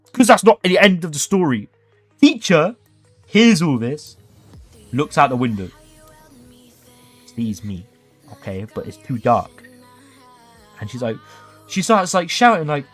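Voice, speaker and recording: A man's voice: on the high side, lively intonation, a little fast, a bit bright, faint music behind. A man telling a cheeky story on a livestream, keeps checking in with "okay?". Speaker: streamer.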